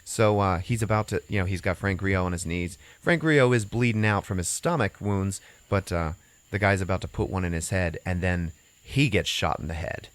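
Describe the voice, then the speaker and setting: A deep-voiced man hosting a podcast, recapping a story in a rambling, casual way and slipping into the characters' lines. The recording is dry and close, with no room sound. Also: fairly quick, dry recording. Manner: rambling storyteller acting out quotes. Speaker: podcast host. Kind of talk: casual chat.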